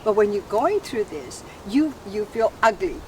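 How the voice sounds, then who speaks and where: A woman's voice: mid-range voice, moderate pace. A middle-aged woman, hosting a heartfelt conversation and speaking emphatically. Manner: animated, emphatic, breaks into loud exclamations. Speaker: host. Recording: distant mic with clear background noise.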